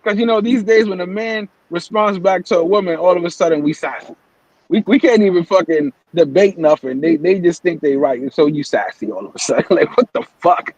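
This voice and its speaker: A man with a high voice hosts a casual live-stream morning show. He rants heatedly and swears freely. The sound is dry and a bit dull, with the highs rolled off. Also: brisk, a little mellow, no room sound. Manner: profane, heated ranting. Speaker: host.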